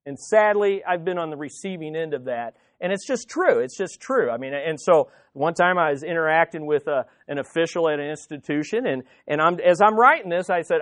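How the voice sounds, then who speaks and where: A man's voice: fairly high pitch, a little fast, few pauses, no room sound. A man preaching an earnest, conversational sermon as pastor, often repeating words as he goes.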